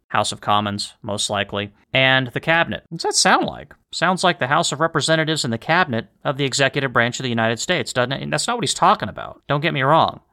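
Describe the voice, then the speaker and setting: A man with a bright, forward voice leads a history study podcast. He talks earnestly and emphatically and often poses rhetorical questions to his listeners. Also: medium pitch. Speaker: podcast host leading a history study group. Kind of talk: explanatory podcast talk, reading historical letters.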